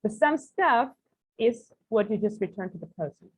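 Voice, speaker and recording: A woman's voice: mid-range voice, lively intonation, normal speed. A woman with a Russian accent teaching an online English lesson, explaining with examples and many "like" fillers. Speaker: English tutor for coaches. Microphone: video call. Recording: husky voice over a tinny call line.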